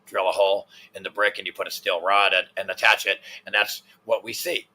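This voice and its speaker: Crude, swearing man with a bright voice. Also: low-pitched, little pitch movement, brisk. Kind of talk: casual chat.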